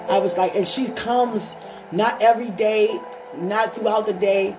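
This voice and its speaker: A woman giving a spiritual testimony to an online audience, telling her story excitedly and acting out her own thoughts. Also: mid-range voice. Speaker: speaker sharing a faith testimony.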